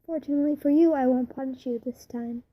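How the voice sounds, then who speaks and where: A woman reading the lines of a calm, cold and sarcastic male demon in a fan fiction reading. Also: sits high, fast talker, dull audio. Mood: mocking.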